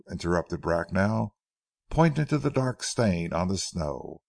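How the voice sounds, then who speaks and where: A man narrates a novel in a low, gravelly voice. His reading is measured, with a lively rise and fall, and it is recorded close and dry with no room sound. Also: dry recording. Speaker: audiobook narrator.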